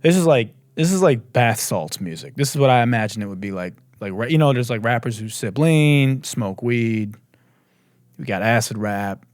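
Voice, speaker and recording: A man's voice: mid-range voice, lively intonation, moderate pace, dry recording, studio quality. Sarcastic ranting male host. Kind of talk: comedic commentary.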